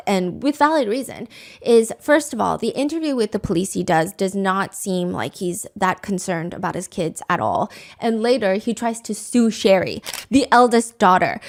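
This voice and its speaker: A woman hosting a true crime podcast, telling the story with feeling and reading quotes aloud. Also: medium pitch. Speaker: podcast host.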